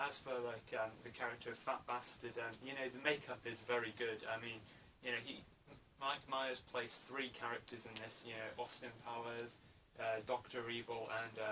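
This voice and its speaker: A man's voice: medium pitch, bright, forceful tone. A man giving a casual spoken film review, hesitant, with many fillers and restarts. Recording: distant mic, faint room noise.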